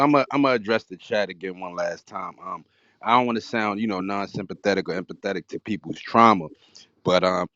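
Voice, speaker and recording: A man's voice: fairly low pitch, no echo. A man on a panel in an online talk room, talking casually with lots of "like" and "you know". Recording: dry, dull lo-fi online audio.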